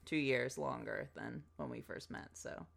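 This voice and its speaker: A young woman from the United States co-hosts a podcast. Her voice is low for a woman. She chats casually, teasing her co-host in an animated way. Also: a little slow, creaky. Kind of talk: casual chat.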